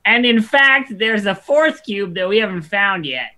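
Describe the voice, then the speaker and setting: A woman playing a tabletop game, reasoning through a puzzle slowly and deliberately. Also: medium pitch, expressive, over a noisy crowd. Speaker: player. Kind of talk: casual tabletop game play.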